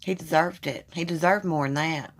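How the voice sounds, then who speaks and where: Woman, low voice, gravelly, candid storytelling, live chat host. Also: moderate pace. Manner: candid, storytelling, addresses viewers as y'all. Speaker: livestream host. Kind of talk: casual live chat with viewers. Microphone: phone.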